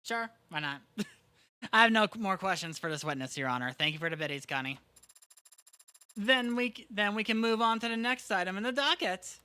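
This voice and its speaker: A woman's voice: medium pitch, fairly quick, pushed and bright, clear, resonant tone. A woman streaming a story game, reading its dialogue aloud at her microphone and laughing and swearing at it between lines. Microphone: desk microphone.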